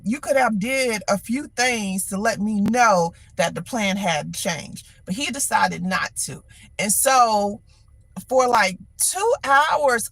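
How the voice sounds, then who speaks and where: A middle-aged woman hosting a livestream, telling a story in an animated, exasperated way with lots of repetition. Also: fairly high pitch, dry recording. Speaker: livestream host. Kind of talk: casual venting monologue.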